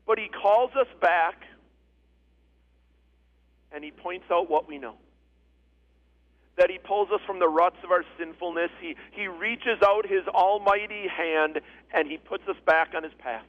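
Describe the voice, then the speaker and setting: A man's voice: sits high, a little slow, long pauses, lo-fi sound. A man preaching a sermon as pastor, earnest and repeating phrases for emphasis.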